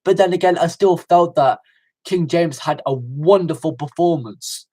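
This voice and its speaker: Male livestream reviewer, slightly higher voice, eager and rambling with lots of ums. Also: a little slow, warm tone. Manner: enthusiastic, rambling with many fillers and restarts.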